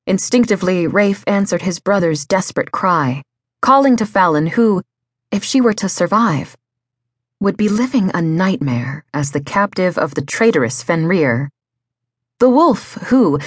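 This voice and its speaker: A woman reads a novel as an audiobook, in a dramatic, measured way. Her voice is low and husky. The recording is dry and close, with no room sound. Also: dry recording. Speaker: audiobook narrator. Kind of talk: scripted audiobook narration.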